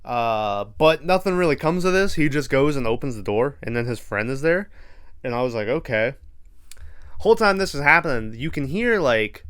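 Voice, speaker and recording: Podcast host, male, mid-pitched and smooth; rambling, easygoing recap with casual cursing. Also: expressive, normal speed, a bit bright. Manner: laid-back, rambling, swears freely.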